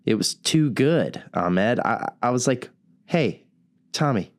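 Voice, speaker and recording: An actor playing a broke, self-deprecating late-night radio host who laughs at himself. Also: male voice, medium pitch, animated, slow.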